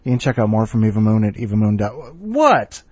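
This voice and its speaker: A man's voice: fairly low pitch, big pitch swings, brisk, a little mellow, breathy edge, no echo, dull audio. A man hosting a casual podcast, rambling and sighing between asides. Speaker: podcast host.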